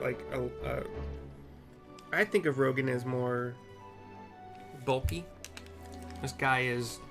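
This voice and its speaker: Self-deprecating man narrating a game. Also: mid-range voice. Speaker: narrator reading game story with audio descriptions. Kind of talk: casual game story narration. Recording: game music behind voice.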